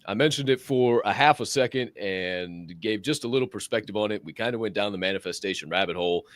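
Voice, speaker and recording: A man's voice: fairly low pitch, fast talker, no room sound. A man co-hosting a podcast in casual chat, emphatic and profane, hammering his points home. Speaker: podcast co-host.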